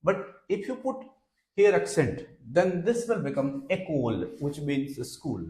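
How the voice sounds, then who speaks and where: A male teacher gives a beginner French lesson at a very unhurried pace, explaining each word carefully and spelling some out letter by letter. His voice sits a little high for a man. The room is echoey around him. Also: big pitch swings, darkish tone. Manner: slow, deliberate explaining, spelling words letter by letter. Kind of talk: classroom lecture.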